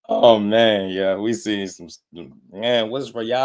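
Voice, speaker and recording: A man's voice: fairly low pitch, unhurried, a little mellow. Laughing slangy man hosting a livestream. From New Jersey. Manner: laughs often, slangy, greets chat members by name. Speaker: boxing livestream host. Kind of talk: casual livestream chat.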